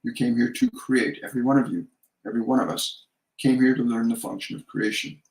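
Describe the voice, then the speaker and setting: A man hosting a live medium Q&A, relaying messages and leading slow guided breathing in a gentle, repetitive way. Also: medium pitch. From Canada. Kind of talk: live-stream channeling Q&A. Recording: echoey room.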